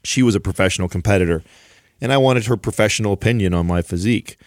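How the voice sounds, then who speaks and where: A man's voice: lowish voice, fast, dry recording, clean studio sound. A man co-hosting a podcast, telling a rambling, self-mocking story in casual chat. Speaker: podcast co-host.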